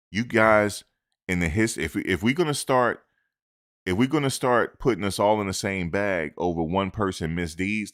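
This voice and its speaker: Deep-voiced man ranting about sports. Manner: animated, emphatic, repeats points, lectures listeners. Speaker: sports commentator. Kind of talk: opinionated sports talk. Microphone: close microphone.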